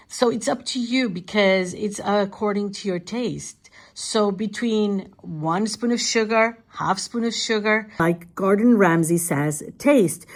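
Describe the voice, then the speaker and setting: A hoarse woman with a Portuguese accent, chatting casually through a home cooking vlog with her mother. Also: mid-range voice. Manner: chatty, self-deprecating. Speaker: vlogger. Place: home kitchen.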